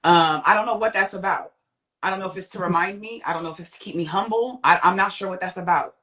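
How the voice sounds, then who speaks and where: A woman's voice: quick pace, sharp tone. Woman telling a vivid personal story. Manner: vivid, acts out quoted voices with big pitch jumps. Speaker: guest sharing a testimony.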